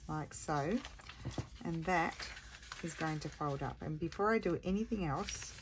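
Low-voiced woman chatting through a craft tutorial. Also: a little slow, noisy background. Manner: chatty, rambling, thinks aloud while working. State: tired. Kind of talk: casual crafting tutorial talk.

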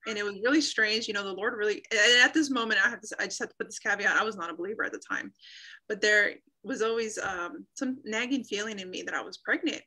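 A woman's voice: mid-range voice, fast talker, pushed and bright, rough recording. A woman in her thirties earnestly sharing a personal faith testimony over a video call, acting out quoted remarks as she goes. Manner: earnest storytelling with reenacted quotes.

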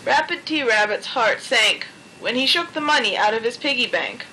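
A woman reads a storybook aloud in a gentle, expressive way. Her voice is high and bright. A faint hiss sits under the reading. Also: normal speed, rough recording.

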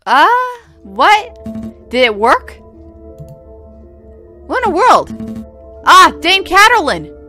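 Woman reading a stubborn young lawyer guy in a game, high, lively, bright tone. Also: very slow, pauses often, soft background music, exaggerated voice. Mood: flustered.

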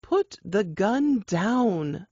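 A woman voicing a calm, brave woman who talks down a gunman, slow and soothing. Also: mid-range voice, slightly rough, no echo, lo-fi sound, full character voice.

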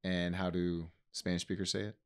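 A man's voice: deep voice, little pitch movement, normal speed, clear, resonant tone. A man co-hosting a casual studio chat, asking teasing, incredulous questions. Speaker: podcast co-host.

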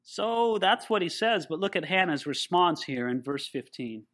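A man's voice: high voice, sing-song, normal speed, fairly bright tone. A man as a pastor teaching a sermon through a Bible passage, conversational and emphatic, with joking asides.

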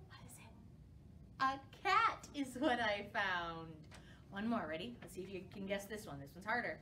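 A woman children's librarian leading a storytime, talking to young kids in an animated, playful way. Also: medium pitch, moderate pace, a little hiss or hum. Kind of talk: children's storytime reading and rhymes. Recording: voice from a distance from the mic, faint ukulele. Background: faint ukulele.

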